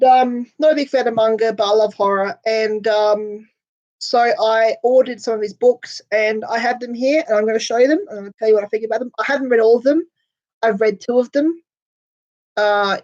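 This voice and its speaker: A woman's voice: a little high, a little mellow, highs cut off. A woman hosting a casual chat with viewers, talking in crude, sweary, giggly banter. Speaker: host chatting with viewers.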